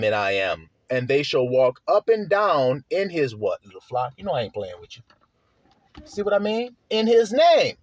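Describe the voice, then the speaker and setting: A man's voice: medium pitch, sing-song, unhurried, no echo. A man preaching a sermon, reading scripture aloud and breaking in with questions to his listeners, in a blunt, casual manner with slang and swearing, stretching out key words for emphasis.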